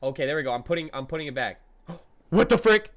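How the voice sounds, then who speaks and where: A man giving let's play commentary to his chat, excitable and full of slangy exclamations as he reacts to the game. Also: fairly high pitch, quick pace, slight background noise. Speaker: gaming video creator.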